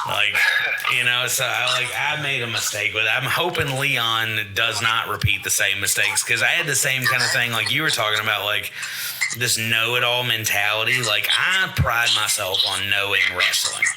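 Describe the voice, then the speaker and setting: A man's voice: lowish voice, moderate pace. A man hosting a podcast, chatting casually and rambling through stories while acting out quotes. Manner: rambling storyteller who acts out quotes. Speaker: podcast host. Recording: clicky background noise.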